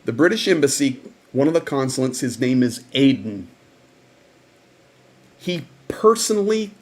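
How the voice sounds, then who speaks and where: A man hosting a livestream update who tells events in an earnest, storytelling way. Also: medium pitch. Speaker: host.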